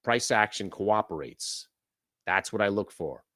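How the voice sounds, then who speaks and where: A brash man runs a live trading room and calls out trades as they happen. His voice is bright and forceful, and he swings between loud outbursts and low, muttered asides. He swears casually as he talks. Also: animated, measured pace. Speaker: day-trading room host.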